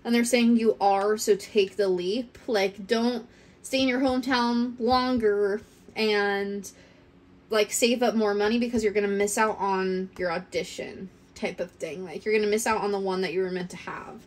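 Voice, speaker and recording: A woman's voice: medium pitch, steady tone, normal speed. A young woman giving a casual pick-a-card reading, chatty and rambling, laughing often. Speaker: tarot card reader.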